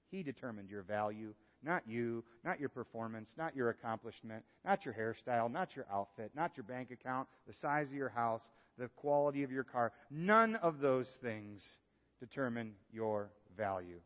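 A male pastor preaching a sermon, moving from hushed, earnest passages to lively exclamations. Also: mid-range voice. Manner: animated, swings from hushed to exclaiming. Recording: dull sound with long hall reverb.

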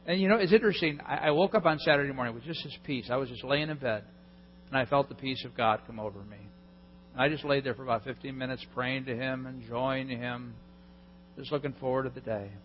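A male pastor preaching a sermon, telling a story with lively, self-mocking humor. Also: mid-range voice, slightly rough. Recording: dull lo-fi recording in a hall.

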